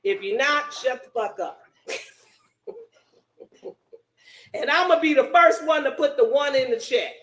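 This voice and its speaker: Woman, middle-aged, high pitch, profane, loud storytelling host. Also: lively intonation, unhurried, pauses often, a little hiss or hum. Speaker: podcast host. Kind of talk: casual storytelling chat.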